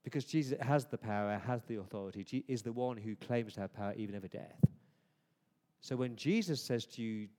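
A man's voice: mid-range voice, fairly quick. Preaching man in an echoing hall. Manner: conversational, swings from hushed to emphatic. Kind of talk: sermon. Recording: long hall reverb.

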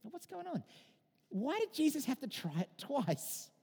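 A man in his thirties preaching a sermon in a conversational, animated way, mixing in personal stories. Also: extremely high pitch, normal speed, gravelly, in a large hall. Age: 30s.

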